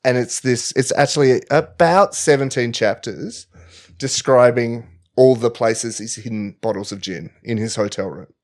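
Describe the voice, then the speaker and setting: A man's voice: medium pitch, normal speed. A man co-hosting a comedy podcast, retelling a story in a rambling, jokey way full of fillers and restarts. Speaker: podcast co-host. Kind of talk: comic storytelling chat.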